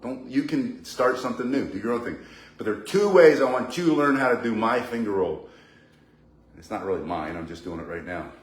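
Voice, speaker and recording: A man's voice: medium pitch, animated, fairly quick. Chatty male martial arts teacher, joking digressions, roomy indoor echo. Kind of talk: live online bo staff lesson. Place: indoor room with a ceiling. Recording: echoey indoor room.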